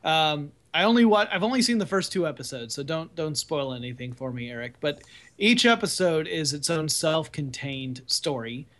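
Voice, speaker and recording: A man's voice: on the high side, lively intonation, normal speed, fairly bright tone. A man co-hosting a podcast, talking casually and joking in a laid-back way. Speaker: podcast co-host. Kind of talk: casual chat about TV shows.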